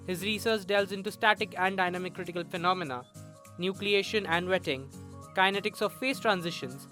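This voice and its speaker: A man's voice: high voice, pushed and bright. A man hosting a podcast, reading a scripted introduction. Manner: formal, reading credits and bio. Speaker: podcast host.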